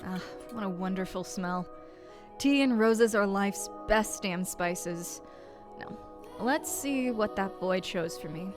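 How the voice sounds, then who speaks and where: A woman's voice: mid-range voice, slow pace, over music, natural voice. A woman voicing a proud, sardonic elderly grandfather in a visual novel game, putting on a shaky British-style accent as she reads his lines. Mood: pleased. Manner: mock-British, blustery and grumbling.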